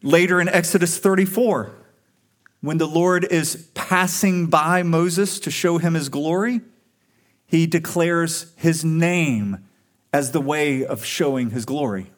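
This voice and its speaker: A man's voice: fairly high pitch, slow pace. A male pastor preaching a sermon to a congregation in a conversational, earnest way, pushing up for emphasis on key points.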